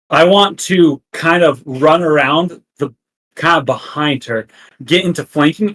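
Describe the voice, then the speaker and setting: Man, tabletop player, tentative, thinking aloud, slightly high pitch. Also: fairly bright tone, rough recording. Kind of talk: casual tabletop play.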